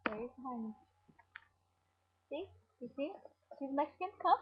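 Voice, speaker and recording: A woman's voice: high voice, lively intonation, moderate pace, background noise. A woman vlogging at home, chatting in a scattered, giggly and profane way to her webcam. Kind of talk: rambling casual webcam chat. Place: at home indoors. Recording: dull lo-fi webcam audio.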